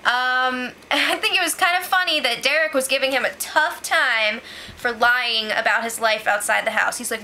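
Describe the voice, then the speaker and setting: A woman's voice: sits high, normal speed, sharp tone, slight background noise. A woman recapping a reality show in a casual vlog, chatty and opinionated, saying "like" a lot. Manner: chatty and opinionated, heavy use of "like".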